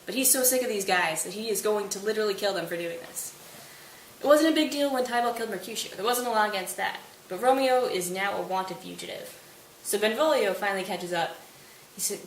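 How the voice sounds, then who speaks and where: A woman's voice: mid-range voice, lively intonation, a bit bright, distant mic. Young woman retelling a play, echoey room. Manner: breezy, slangy retelling with quick quoted asides. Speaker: student presenter. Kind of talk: casual study summary of a play. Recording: echoey room, off-mic, faint hiss.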